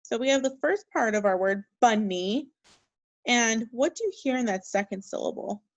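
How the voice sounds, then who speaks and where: A woman teaching a second grade phonics lesson, speaking slowly and encouragingly and spelling words out letter by letter. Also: a little high, lively intonation, dry recording, highs cut off. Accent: Minnesota. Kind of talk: recorded remote phonics lesson.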